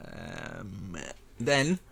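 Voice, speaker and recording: A man's voice: fairly low pitch, huge pitch swings, very slow, gravelly, a bit bright, slightly rough. A young man casually walking viewers through a building tutorial step by step, chatty and rambling with self-mocking asides.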